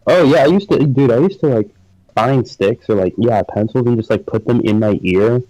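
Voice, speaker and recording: A man's voice: medium pitch, moderate pace, mellow, dry recording, low-quality recording. A young man co-hosting a casual live stream chat, rambling with lots of filler words and frequent laughter. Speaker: podcast co-host.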